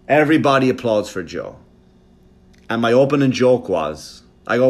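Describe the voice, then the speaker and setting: A man hosting his podcast as a comedian, telling a profane, animated story. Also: medium pitch, brisk. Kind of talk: casual storytelling monologue.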